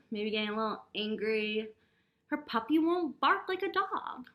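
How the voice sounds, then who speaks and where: A woman leading a children's yoga storytime, speaking gently and encouragingly and making animal sounds. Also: fairly high pitch, expressive, a little slow, far from the mic. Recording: echoey room.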